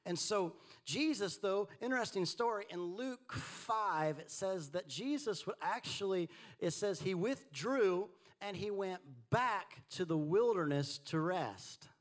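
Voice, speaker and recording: A man preaching a sermon, swinging between quiet asides and animated, rising delivery. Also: unhurried. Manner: animated preaching, rising and falling in pitch and volume. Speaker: pastor.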